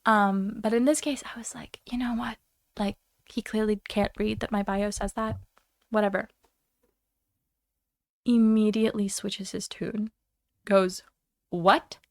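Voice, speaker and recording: A young adult woman streamer telling a story in a heated, profane, animated casual rant. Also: mid-range voice, unhurried, pauses often, no echo. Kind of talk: casual ranting chat.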